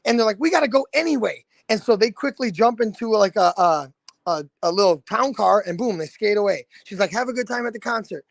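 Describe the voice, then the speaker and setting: A man in his thirties from the American Midwest, a guest telling a casual story, animated and swearing freely. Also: sits high, fairly quick, creaky, no echo. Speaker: guest, lead singer.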